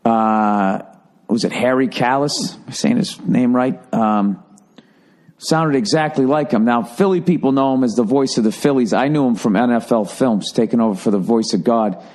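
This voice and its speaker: A man's voice: medium pitch, moderate pace. A man, hosting a podcast and telling a rambling, profane story in a casual monologue. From Boston area. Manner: profane, rambling, animated when quoting people. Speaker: podcast host.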